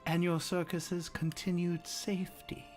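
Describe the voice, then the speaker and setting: A man playing a calm, whispering vampire lord. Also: high-pitched, faint music behind, voice pushed up. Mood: coldly menacing. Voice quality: slow, soft, whispery menace. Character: pale aristocratic male vampire lord, calm and menacing.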